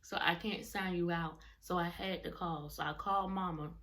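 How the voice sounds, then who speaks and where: A woman's voice: fairly low pitch, steady tone, normal speed, a bit bright. A young adult woman vlogger telling a personal story in casual, rambling talk, often correcting herself mid-sentence. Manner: rambling, self-correcting, colloquial.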